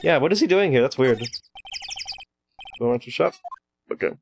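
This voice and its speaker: A man's voice: mid-range voice, expressive, normal speed, vocal fry, over music. A man casually commenting while playing a game, joking and saying "dude" a lot. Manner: laid-back, joking, says "dude" a lot. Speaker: streamer. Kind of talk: casual let's-play commentary.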